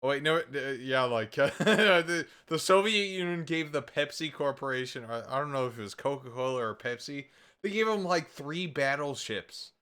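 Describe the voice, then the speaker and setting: A man's voice: on the high side, animated, moderate pace, bright, forceful tone, smooth. A man streaming live, commenting casually on videos as he watches, rambling and tripping over his words with sarcastic asides. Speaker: streamer host.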